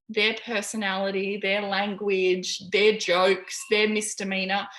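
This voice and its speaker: Speaking on a live call from a busy home with kids in the background, a woman coaches her team with candid encouragement and plenty of swearing. Her voice is on the high side and a bit bright, and there's a roomy echo.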